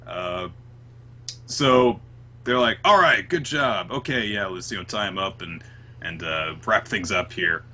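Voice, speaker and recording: A man co-hosting a podcast, recapping chapters in casual chat and jumping into quick voices for the characters. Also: low-pitched. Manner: animated, acts out characters' lines in quick put-on voices. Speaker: podcast co-host.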